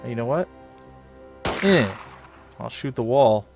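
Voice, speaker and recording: A young man casually commenting on his own gameplay, chatty and self-mocking, with sudden loud outbursts. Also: medium pitch, animated, unhurried, vocal fry, music in the background. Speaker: let's play gamer.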